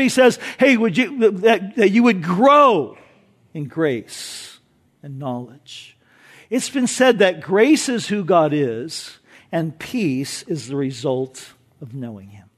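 High-voiced man preaching a sermon. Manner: earnest, conversational preaching with quoted asides. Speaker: pastor.

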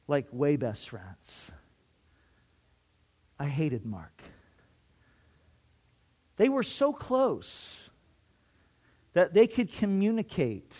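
Brief: middle-aged male pastor, high-pitched voice, animated sermon storytelling with self-mocking humor. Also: very slow, pauses often, slightly rough. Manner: animated, acting out his own past thoughts with self-mocking humor.

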